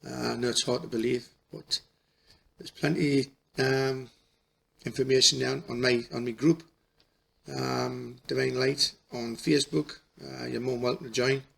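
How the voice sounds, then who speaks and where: A middle-aged man telling a personal story in a halting, emotional way, restarting his sentences often. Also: mid-range voice, flat delivery, creaky. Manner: halting, repeats and restarts, folksy dialect. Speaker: spiritual healer.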